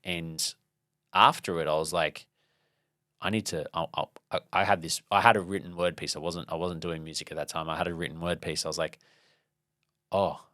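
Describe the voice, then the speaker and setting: Deep-voiced man telling a story. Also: steady tone, normal speed, pushed and bright, no room sound, clean studio sound. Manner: rambling, storytelling with many fillers and restarts. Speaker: podcast host. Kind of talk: casual motivational monologue.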